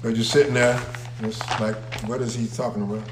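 A man's voice: medium pitch, flat delivery, fairly quick, background noise. A man preaching a sermon to a congregation, emphatic and calling out questions to the people. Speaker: pastor. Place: church sanctuary with a congregation. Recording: echoey room.

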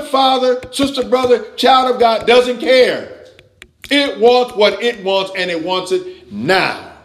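Animated preacher in an echoey room. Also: male voice, high voice. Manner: animated preaching, swings from loud to quiet. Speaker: pastor teaching a Bible class. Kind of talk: sermon.

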